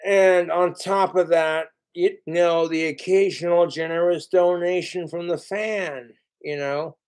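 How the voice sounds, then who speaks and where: Slow, cursing man rambling on a livestream. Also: high voice, fairly even intonation, darkish tone, smooth.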